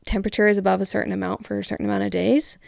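Chatty young woman with a gravelly edge. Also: mid-range voice, flat delivery, very fast, darkish tone, no room sound, clean studio sound. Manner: chatty, frequent "like" fillers, candid. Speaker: podcast host. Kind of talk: casual chat reading listener stories.

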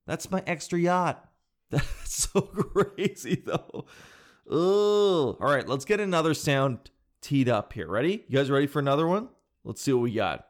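A man's voice: medium pitch, measured pace. A man hosting a reaction video, talking casually and animatedly to his viewers and laughing often. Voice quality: animated, laughing, addresses viewers as guys and dude.

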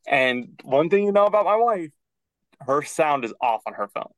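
A man's voice: fairly high pitch, very animated, moderate pace, no room sound. Young man telling a story in a dry closet. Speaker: podcast co-host. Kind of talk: casual storytelling chat. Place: closet at home.

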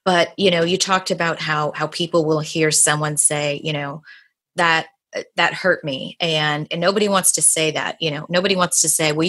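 A woman with a low voice hosting a podcast, talking in a relaxed, chatty way. She rambles and restarts her sentences as her thoughts come. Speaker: podcast host. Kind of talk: casual interview chat.

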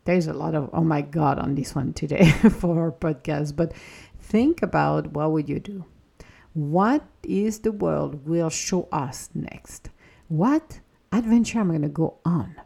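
A woman talks through a reflective spiritual podcast in an earnest, encouraging way. Her voice is husky and mellow. Now and then she acts out a fretting inner voice before calming it again. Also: low voice, measured pace. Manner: earnest, encouraging, slips into acted inner-voice quotes. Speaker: podcast host.

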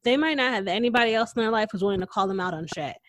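A woman hosts a podcast chat, talking with animated, outspoken earnestness. Her voice sits at an ordinary middle pitch. The sound is close and dry, with no room around it. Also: racing, no echo. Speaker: podcast host. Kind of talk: casual podcast conversation.

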